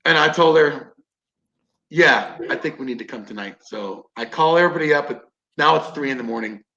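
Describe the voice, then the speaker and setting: This man's voice is a little high, brisk and bright with a forceful tone. He's a podcast guest and combatives instructor telling a story casually, swearing freely and acting out quotes, in a roomy, dull lo-fi recording.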